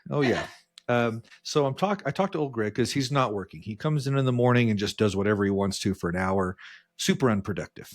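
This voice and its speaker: Animated man telling a workplace story. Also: brisk. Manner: animated storyteller, jumps high when quoting people. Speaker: podcast co-host. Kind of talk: casual storytelling chat.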